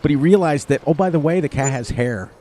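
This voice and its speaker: A man's voice: fairly high pitch, fast, mellow, a little hiss or hum. A middle-aged man hosting a gaming channel, chatting casually over gameplay and telling rambling stories with frequent laughter.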